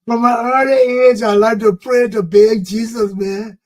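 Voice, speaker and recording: A man with a fairly high voice tells a personal story as a talk show host. He is animated and keeps coming back to "oh, man", then turns into a lecture on parenting. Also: slow, long pauses, low-quality recording.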